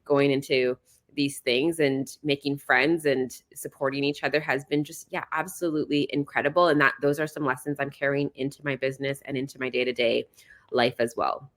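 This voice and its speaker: A young adult woman, a psychologist, chatting as a podcast guest in a quick, casual way with many filler words. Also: very deep voice, fairly even intonation. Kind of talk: casual interview chat.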